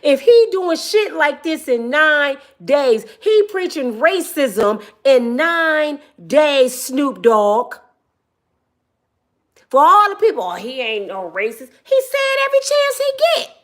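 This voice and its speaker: High-pitched woman going off in a commentary vlog, swoops all over, repeats stuff for emphasis. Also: big pitch swings, slow pace. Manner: emphatic, preachy, repeats words for stress. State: tearful. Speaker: commentary vlogger. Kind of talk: impassioned commentary monologue.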